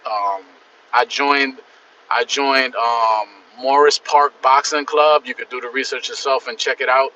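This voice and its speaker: A man's voice: mid-range voice, fairly even intonation, a little slow, bright, forceful tone, far from the mic, slight background noise. A young man chatting casually and rambling on his livestream, full of slang. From the Bronx, New York. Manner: rambling, slangy, laid-back. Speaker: livestream host. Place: out and about in the city. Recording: dull phone audio from off-mic.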